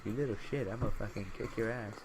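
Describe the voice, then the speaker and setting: A man's voice: lowish voice, fairly even intonation, quick pace, noisy background. Blunt, casual gaming man. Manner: casual, blunt and profane, reacting aloud. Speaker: gaming channel host. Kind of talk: casual let's-play commentary.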